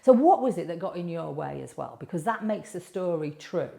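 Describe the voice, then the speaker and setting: Gravelly Yorkshire woman coaching speakers. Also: on the low side, a little fast. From Yorkshire, England. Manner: lively, chatty, asks the viewer questions. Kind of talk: recorded online course lesson.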